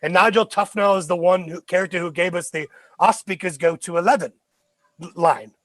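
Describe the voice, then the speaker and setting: Man, high-pitched, enthusiastic movie talk, dry recording. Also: a little fast, fairly bright tone, dry recording. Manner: enthusiastic, quotes lines with laughs. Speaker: podcast co-host. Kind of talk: casual movie review chat.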